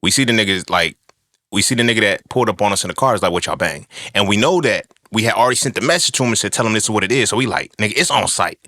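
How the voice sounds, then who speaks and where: A man's voice: fairly low pitch, racing, dry recording, clean studio sound. A young man telling a personal story in a casual, profane monologue, acting out what people said. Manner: animated, profane storytelling with acted-out quotes. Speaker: podcast host.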